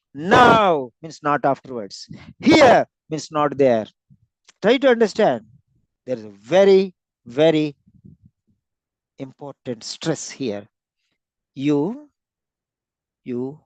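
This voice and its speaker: A man's voice: fairly high pitch, lively intonation, slow pace, pauses often, a little mellow, no echo, rough recording. A man teaching a lesson on word and sentence stress for clinical speaking, stressing and repeating words to show the point. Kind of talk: lecture on clinical speaking skills.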